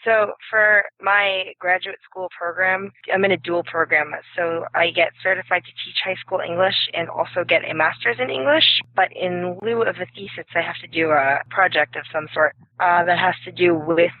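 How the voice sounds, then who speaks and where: A woman's voice: fairly low pitch, normal speed, few pauses. A woman from Nevada, a teacher and graduate student, chatting casually and telling stories with energy. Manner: animated storyteller. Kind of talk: casual group chat. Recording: phone-like line, dry.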